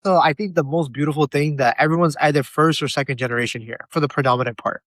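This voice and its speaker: A man's voice: on the high side, quick pace, dry recording. A young man from Miami, a guest telling stories in a casual chat over a video call. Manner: chatty, animated storyteller.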